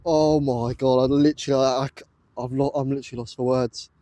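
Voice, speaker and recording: A British man's outdoor vlog finds him metal detecting in a muddy field, breathless and amazed, exclaiming again and again to his audience. He speaks briskly in a warm, mid-range voice with fairly even intonation, recorded by a camera on a tripod without room sound.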